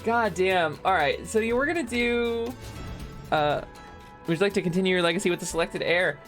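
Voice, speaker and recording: A young woman streaming a video game, chatting casually with her viewers, joking around and yelling playful bits. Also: fairly low pitch, moderate pace, faint music behind. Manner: animated, joking, shouts bits and laughs often.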